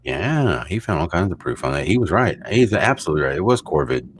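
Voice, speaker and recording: A man's voice: deep voice, big pitch swings, brisk, slight background noise. A man hosting a show, rambling and joking in casual chat, swearing freely. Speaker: host.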